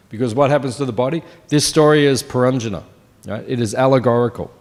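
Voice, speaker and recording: A man's voice: mid-range voice, fairly quick. A man in his fifties giving a morning scripture class in a temple. He talks in a loose, conversational way and keeps asking the listeners questions. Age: 50s. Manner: conversational, asks the audience questions. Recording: long hall reverb.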